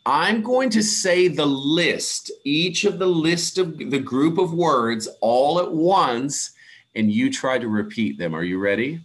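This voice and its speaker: A man's voice: on the high side, animated, fairly bright tone. Patient American man teaching pronunciation. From USA. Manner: patient, repeats words slowly for students to copy. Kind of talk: online class drilling words.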